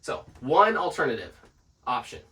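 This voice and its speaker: A man hosting a business podcast, giving casual tips and acting out quick customer exchanges while writing points on a board. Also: a little high, sing-song, sharp tone, recorded from a distance. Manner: writes on a board while talking. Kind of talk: casual instructional talk.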